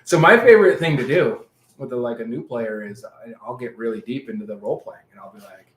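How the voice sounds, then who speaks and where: A man co-hosting a casual podcast, an animated storyteller who acts out the people he quotes. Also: medium pitch, fairly quick. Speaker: podcast co-host. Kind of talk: casual chat. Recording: echoey room with faint ambience.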